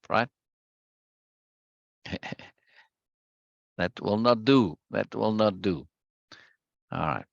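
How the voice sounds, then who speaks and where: Male study-group host, low gravelly voice, dry dull lo-fi sound, chatty and repetitive greeter. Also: slow pace, pauses often, no room sound. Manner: repeats phrases, greets viewers one by one. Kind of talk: casual livestream chat before a reading session.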